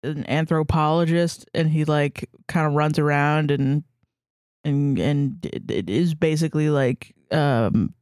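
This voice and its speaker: A woman's voice: low voice, a little slow, a little mellow, no echo, studio quality. A woman co-hosting a podcast in casual chat, laughing often and swearing freely. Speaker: podcast co-host.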